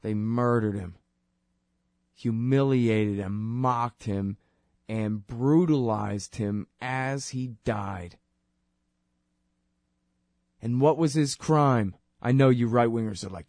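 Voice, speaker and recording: A man's voice: medium pitch, slow pace, long pauses, darkish tone, dry recording, studio quality. A man hosting a political commentary show, talking in a sarcastic, impassioned way. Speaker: show host.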